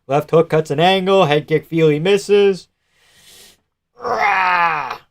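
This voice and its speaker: Excitable young man calling fights live. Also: fairly high pitch, moderate pace, no echo, clean studio sound. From Canada. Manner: excitable, swearing, laughing, chatting with viewers. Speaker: livestream host. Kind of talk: live fight reaction commentary.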